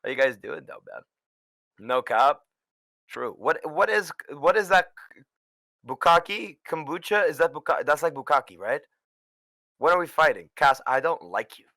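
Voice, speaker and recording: A man from the Caribbean chatting with his viewers. He jokes in crude slang, now muttering, now shouting. His voice is bright and sits close in a dry sound. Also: fairly high pitch, expressive, measured pace, pauses often, no echo. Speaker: guest streamer. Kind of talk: casual chat with stream viewers.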